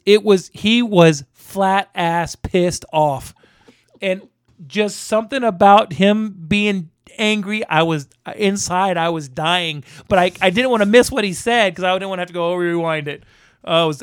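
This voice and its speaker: A man co-hosting a casual film discussion, animated and laughing often as he acts out scenes. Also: high-pitched, moderate pace, no echo, studio quality. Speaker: podcast co-host.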